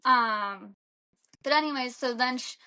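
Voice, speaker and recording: With a smooth, bright, forceful voice on the high side, a young woman speaks a little slowly as she co-hosts a podcast, rambling through a film's plot in casual chat and peppering it with "like."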